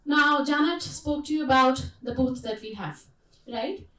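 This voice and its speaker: Her voice is high-pitched but unhurried. She's a middle-aged woman giving an interactive workshop in a conference hall, telling stories with energy and asking the crowd questions, captured from a far-off mic in a reverberant room.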